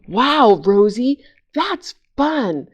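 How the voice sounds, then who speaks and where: A woman voicing an eager, curious young boy puppet who reacts with excited wonder in a children's puppet lesson. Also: fairly high pitch, drawn-out words, exaggerated voice.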